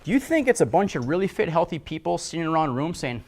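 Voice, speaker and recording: Animated middle-aged man lecturing a crowd. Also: fairly high pitch, quick pace. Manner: animated, casual, asks the room for agreement. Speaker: health speaker. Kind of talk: live presentation to an audience.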